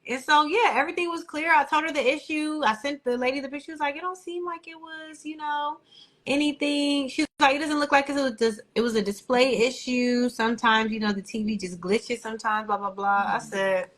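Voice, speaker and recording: A young woman on a podcast, her voice sitting a little high as she spins a lively story. She talks in casual slang and acts out what everyone said. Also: fairly quick. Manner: animated storytelling with slang, acts out quoted people. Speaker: podcast co-host. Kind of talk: casual chat.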